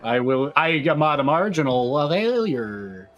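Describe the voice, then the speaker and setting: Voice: medium pitch, sing-song, unhurried, highs cut off. A tabletop game player who speaks theatrically and hesitantly, with many uhs. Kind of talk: casual tabletop game play.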